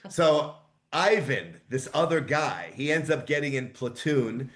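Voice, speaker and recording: A man in his sixties, a voice actor guest telling rambling, lively anecdotes in a casual interview. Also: medium pitch, unhurried. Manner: rambling, animated anecdotes with asides.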